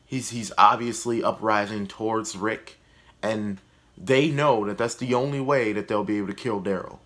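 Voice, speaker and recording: A man's voice: mid-range voice, a bit bright. A male comedian reviews a TV season in a casual vlog. He is blunt and sarcastic and swears freely. His mid-range voice stays conversational. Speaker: YouTube comedian reviewing a TV show.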